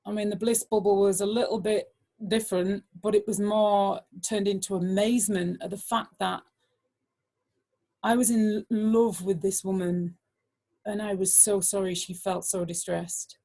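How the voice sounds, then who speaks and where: Husky lady, middle-aged, guest speaker telling a story, lots of "like". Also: mid-range voice, a little slow. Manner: animated, full of "like" fillers, acts out voices. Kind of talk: personal storytelling talk.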